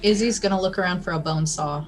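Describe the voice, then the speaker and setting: A woman's voice: lowish voice, fast talker, faint music behind. A woman playing a tabletop game who makes joking asides. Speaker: player.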